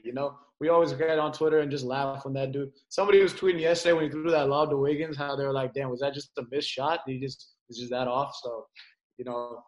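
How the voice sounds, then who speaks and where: A man hosting a casual sports podcast, loose and profane, full of fillers. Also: mid-range voice. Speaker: podcast host.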